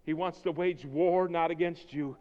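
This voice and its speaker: A male preacher delivering a fervent sermon, moving from quiet, intimate talk to loud, urgent pleading. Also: on the high side, fairly even intonation, normal speed, highs cut off. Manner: fervent, swings between quiet intimacy and shouting. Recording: long hall reverb.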